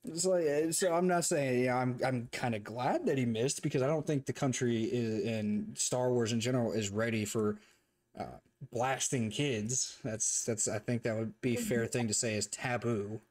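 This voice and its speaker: A man co-hosting a casual review chat, talking in a rambling, profane, animated way. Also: medium pitch, moderate pace. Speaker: co-host reviewing a show.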